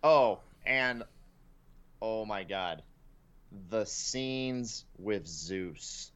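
A man's voice: on the low side, lively intonation, very slow, a bit bright, clear, resonant tone. A man co-hosting a podcast in casual chat, complaining with sarcastic, mocking asides. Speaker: podcast co-host.

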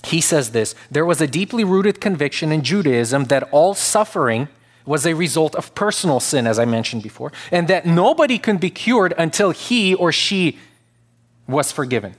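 A man preaching a sermon to his church, earnest, repeating himself as he builds to loud, emphatic peaks. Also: a little high. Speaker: pastor.

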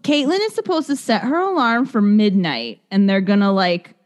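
A woman's voice: mid-range voice, normal speed. A woman chatting casually, retelling a film scene by scene and laughing often. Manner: lively, laughing, acts out quotes. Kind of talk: casual chat recapping a film.

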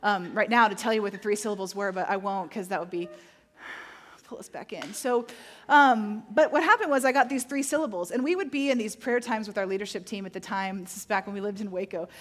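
A woman's voice: medium pitch, a little fast. A middle-aged woman pastor preaching a sermon, telling personal stories in a candid, self-deprecating way with playful asides.

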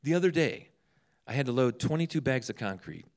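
The guest, mid-range in pitch and fairly quick, shares humorous stories from his ministry in an easygoing storytelling conversation. He plays the characters himself, acting out their dialogue with animation.

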